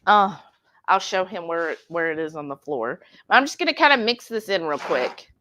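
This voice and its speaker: A woman co-hosting a cooking livestream from a home kitchen, chatty and excitable, bantering as she cooks. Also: lowish voice, normal speed, noisy background. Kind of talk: casual livestream cooking chat.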